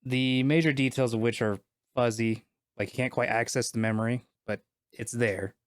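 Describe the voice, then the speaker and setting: A man's voice: mid-range voice, steady tone, normal speed, no echo. Man as game master, mid voice, casual, dry sound. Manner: casual, many fillers and restarts. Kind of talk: narrating a tabletop game.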